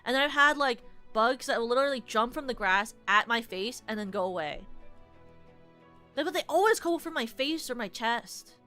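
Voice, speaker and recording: A young woman streamer telling stories casually to her chat, animated, with lots of "like", shrieking when she relives the scary parts. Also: a little high, normal speed, soft background music.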